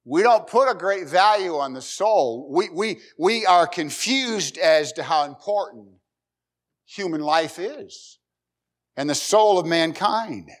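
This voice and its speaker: A middle-aged man preaching a sermon, folksy and emphatic, climbing to loud high peaks and repeating words. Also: expressive, takes it slowly. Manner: emphatic, rising loud at key points. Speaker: pastor.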